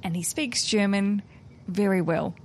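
Cheeky, brisk woman hosting a podcast. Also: mid-range voice, background noise. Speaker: podcast host. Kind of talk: casual podcast chat. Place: on a stationary train.

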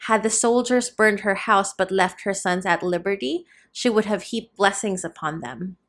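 A woman narrates a novel at a steady, measured pace, with a middle-pitched voice. Her delivery is calm scripted storytelling. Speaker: audiobook narrator.

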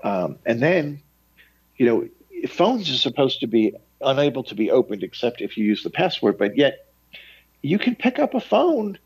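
Husky-voiced priest on the radio. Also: male voice, medium pitch, big pitch swings, moderate pace, highs cut off. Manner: emphatic, moralizing. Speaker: Catholic priest and radio host. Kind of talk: radio talk reflection.

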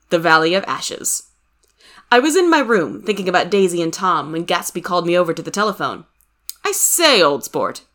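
A woman reading a story aloud in calm, reflective narration. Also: on the low side. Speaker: reader.

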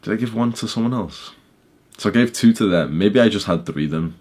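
A man's voice: lowish voice, expressive, brisk, darkish tone. A young man casually telling a story in his vlog, rambling with lots of "like" and swearing. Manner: rambling, peppered with "like", swearing, laughing. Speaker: YouTuber.

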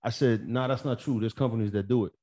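New man, mid-pitch, casual podcast storyteller, salty and animated. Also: quick pace. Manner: profane, animated, acts out dialogue. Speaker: podcast co-host.

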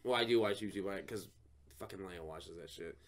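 A man's voice: deep voice, brisk, over loud music. A young man co-hosting a casual podcast chat, swearing freely and laughing as he talks. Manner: swears a lot, laughs while talking, gets loud; animated, lively voice. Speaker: podcast co-host.

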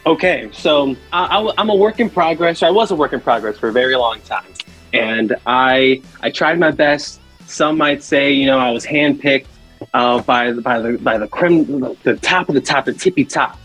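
A man's voice: medium pitch, animated, normal speed, fairly bright tone, slightly rough, faint music behind. A man voicing a self-important male wrestler in a rambling, boastful monologue. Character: self-important male wrestler bragging about his comeback.

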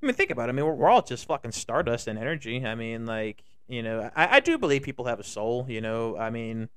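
A man's voice: mid-range voice, big pitch swings, fast talker, fairly bright tone, clean tone, no echo. A young man co-hosting a podcast in casual chat, rambling and swearing with lots of restarts. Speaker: podcast co-host.

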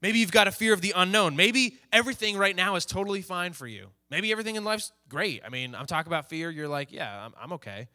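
A man's voice: high-pitched, fast, hardly any pauses, bright, forceful tone. A young man preaching casually to a youth group, telling a story animatedly and acting out the quoted lines. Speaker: youth pastor. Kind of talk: sermon.

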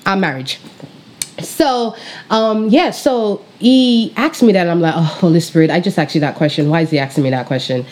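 A bubbly woman pastor in her thirties tells her personal testimony with a Nigerian accent that carries some British influence. Her voice rises and falls in a wide, animated melody. She laughs often and speaks straight to her viewers. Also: fairly high pitch. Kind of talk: personal faith testimony, casual storytelling.

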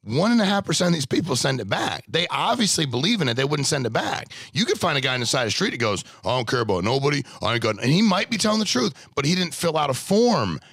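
A man in casual podcast talk, animated and emphatic, acting out the people in his stories. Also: a little high, quick pace, few pauses, slightly rough, no echo, clean studio sound. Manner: animated, emphatic, acts out dialogue. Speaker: life insurance agency owner.

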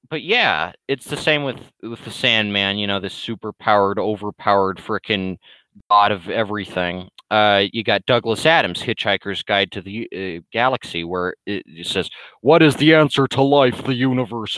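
A man's voice: fairly low pitch, normal speed, pushed and bright, clear, resonant tone, no echo, poor audio. A man ranting casually to camera, blunt and rambling, with many restarts and fillers. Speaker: vlogger. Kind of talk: casual opinionated rant.

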